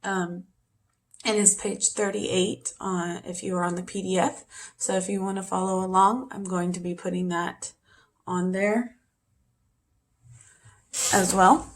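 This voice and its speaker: A woman's voice: mid-range voice, fairly even intonation, measured pace, pauses often, a little hiss or hum. A woman teacher chatting informally to her class before a reading, easygoing and friendly in tone. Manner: chatty and informal, with small laughs. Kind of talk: casual talk to a class on video.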